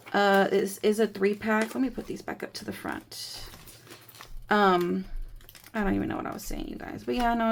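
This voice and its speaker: Gravelly-voiced woman chatting candidly. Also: medium pitch, a bit bright, slight background noise. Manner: rambling and candid, counting cash aloud. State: grieving. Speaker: budgeting vlogger. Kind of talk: casual chatty vlog.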